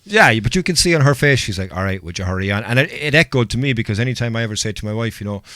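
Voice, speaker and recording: Chatty podcast host, dry sound. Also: male voice, medium pitch, expressive, racing, pushed and bright, dry recording. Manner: rambling, filler-heavy, chatty. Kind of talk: casual chat.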